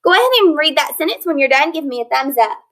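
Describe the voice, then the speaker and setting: High-voiced woman teaching phonics. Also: expressive, fairly bright tone, low-quality recording. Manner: slow, clear modeling of words; patient, encouraging. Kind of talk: phonics lesson.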